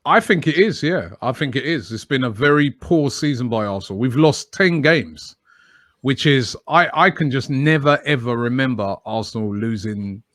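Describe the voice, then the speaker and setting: Male podcast guest, mid pitch, emphatic and conversational, dry recording. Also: animated, normal speed, a bit bright, dry recording. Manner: chatty, emphatic, frequent "you know". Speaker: guest, fan channel presenter. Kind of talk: podcast interview answers.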